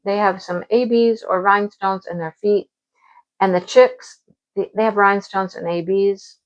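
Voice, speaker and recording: A woman's voice: medium pitch, normal speed, muffled recording. Chatty woman crafting vlogger at home. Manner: chatty and animated, acts out her own past remarks. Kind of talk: casual chat about crafts and home life.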